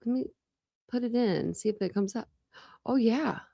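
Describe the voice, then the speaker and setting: A woman's voice: fairly high pitch, moderate pace, creaky, warm tone, dry recording, clean studio sound. A woman hosting a true crime livestream, chatting casually and greeting viewers by name with lots of fillers. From Ohio, United States.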